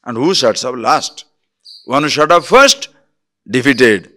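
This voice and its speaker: A man with a mid-range voice talks slowly, giving a spiritual discourse as a teacher; he tells lively stories and acts out quarrels.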